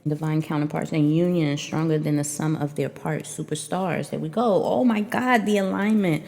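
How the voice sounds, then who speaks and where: A woman's voice: deep voice, moderate pace, gravelly, darkish tone, in a large hall. A woman giving a casual spiritual oracle reading to her viewers, rambling and chatty and addressing them as y'all. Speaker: spiritual reader.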